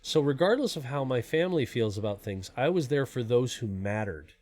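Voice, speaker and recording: A man's voice: mid-range voice, lively intonation, brisk, a little mellow. Earnest man talking from the heart. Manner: emotional, rambling, earnest. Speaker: live stream host. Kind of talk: heartfelt personal talk.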